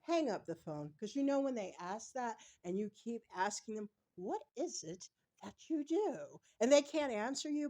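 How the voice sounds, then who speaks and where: A woman's voice: fairly high pitch, darkish tone. A groggy woman vlogger talking bluntly to her viewers and reading a news item aloud. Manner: blunt, frank, speaks straight to the viewer.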